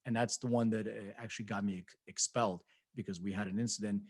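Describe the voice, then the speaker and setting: A man's voice: fairly low pitch, steady tone, fast, darkish tone, slightly rough, no echo. A man co-hosting a podcast, telling rambling anecdotes in casual chat, acting out quoted voices and laughing often. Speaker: podcast co-host.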